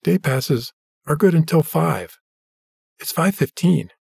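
A man voicing a bored, monotone young clerk girl. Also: fairly high pitch, slow, creaky, husky, no room sound, clean studio sound, pitched above the performer's own voice, full character voice. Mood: flat. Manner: flat, monotone, unimpressed.

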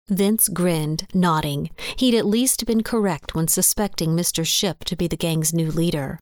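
A woman narrating a western story in a steady, even reading voice. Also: lowish voice, measured pace, hardly any pauses, no echo, clean studio sound. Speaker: audiobook narrator.

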